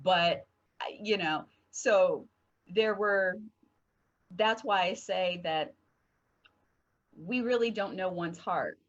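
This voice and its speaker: A woman co-hosting a heartfelt discussion show, telling stories in an animated way and acting out quotes. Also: fairly low pitch, takes it slowly, pauses often, highs cut off. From northern United States. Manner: animated storyteller, acts out quotes. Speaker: co-host.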